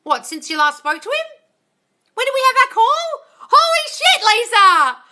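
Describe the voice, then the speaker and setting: Woman coach reading comments on a live stream, super excitable, swears a lot, very bright sharp voice. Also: very high voice, brisk, slight background noise. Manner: gushing and excitable, calls listeners darling, swears freely. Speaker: manifesting coach and host.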